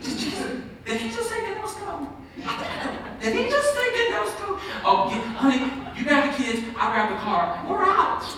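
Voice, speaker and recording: A man voicing a shocked listener in an ancient crowd who squeaks in disbelief and hurries his family out. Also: sing-song, normal speed, hardly any pauses, noisy background. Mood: scandalized. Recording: echoey hall from far off.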